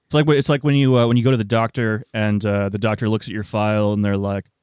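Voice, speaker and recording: A young man in a deadpan improvised comedy bit, agreeing earnestly and adding straight-faced reasoning. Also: fairly low pitch, smooth, no echo, studio quality. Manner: agreeable, earnest, quick back-channel replies.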